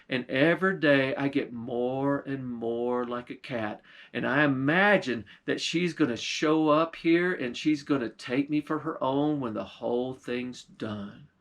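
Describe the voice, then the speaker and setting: A man's voice: medium pitch, a bit bright. A man voicing a sad talking cat-girl. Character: enchanted young woman turned into a talking cat.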